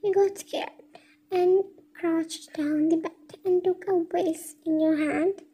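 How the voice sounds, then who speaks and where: High-voiced girl reading a fanfic aloud, mellow, says the stage cues too. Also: fairly even intonation, slow, low-quality recording. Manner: reads stage cues and speaker tags aloud. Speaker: fan fiction reader. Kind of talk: reading a fan fiction story aloud.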